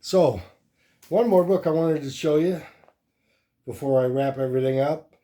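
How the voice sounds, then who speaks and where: A man hosting a comic book show, chatting casually in a relaxed, rambling way with many fillers. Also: a little high, moderate pace. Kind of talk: casual show-and-tell chat.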